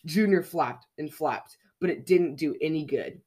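A podcast storyteller reading a children's picture book aloud with a lively, expressive delivery. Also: medium pitch, unhurried.

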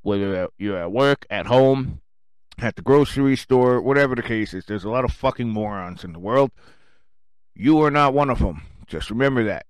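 A man hosting his own radio show, delivering an angry, sarcastic rant full of cursing, swinging between low muttering and loud outbursts. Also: animated, normal speed, clean tone, dry recording. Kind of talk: profane rant.

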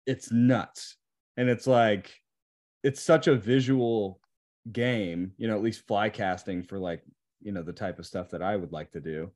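Young man, lowish voice; easygoing guest who rambles casually. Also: unhurried. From Indiana. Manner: relaxed, rambling, many fillers like "like" and "you know". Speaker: podcast guest. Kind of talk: casual chat.

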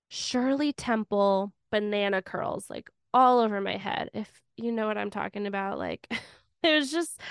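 A woman's voice: medium pitch, gravelly, fairly bright tone, clean tone, no room sound, clean studio sound. A young adult woman hosting a podcast, telling a personal story in a candid, conversational way with lots of "like" fillers. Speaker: podcast host.

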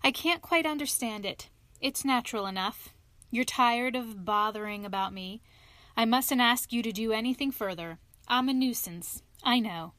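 A woman's voice: a little high, normal speed, a bit bright, no room sound, close to an everyday voice. A woman reading a storybook, voicing a sly male toad who feigns illness in a feeble, languid, self-pitying way. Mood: feeble, martyred. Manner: languid, feeble, sighing, dramatic.

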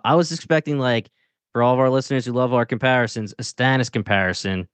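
A man co-hosting a casual talk show about a TV series, animated and slangy, often breaking into laughter as he tells his reactions. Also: mid-range voice, fairly quick, clear, resonant tone, no room sound. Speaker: podcast co-host. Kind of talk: casual chat.

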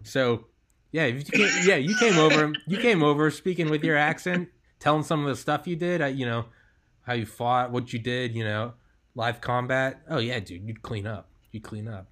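A man's voice: medium pitch, moderate pace, a bit bright. Laid-back young American man, swearing. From United States. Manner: laid-back, swears freely, laughs often. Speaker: podcast host. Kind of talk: casual podcast interview.

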